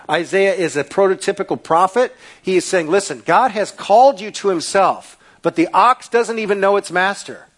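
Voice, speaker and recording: A man preaching a sermon, telling the story with casual modern phrasing and swinging between hushed, low lines and loud, high-pitched calls. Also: normal speed, few pauses.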